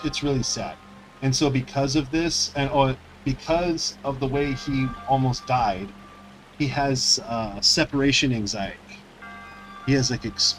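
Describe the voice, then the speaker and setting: A man's voice: mid-range voice, fairly bright tone, low-quality recording. A man who streams games, chatting casually while he plays in a loose, rambling way with lots of fillers. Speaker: gaming streamer. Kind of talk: casual chat while playing.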